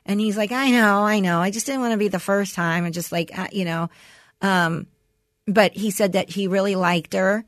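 A woman's voice: mid-range voice, steady tone, moderate pace, no room sound, clean studio sound. A middle-aged woman co-hosting a podcast, telling a long story with plenty of fillers and acted-out quotes. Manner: rambling storyteller, many "you know" fillers, acts out quotes. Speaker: podcast co-host. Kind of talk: casual chat.

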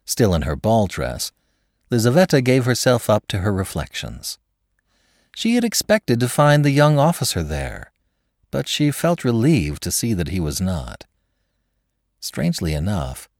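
A man's voice: deep voice, darkish tone, no room sound, studio quality. A man narrating a classic story in a scripted, dramatic reading. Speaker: podcast narrator.

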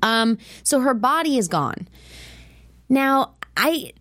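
A woman with a squeaky voice hosting a show, chatting casually and rambling with lots of fillers and laughs. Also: big pitch swings, takes it slowly, fairly bright tone, no echo, clean studio sound. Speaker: show host. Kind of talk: casual chat about a TV show.

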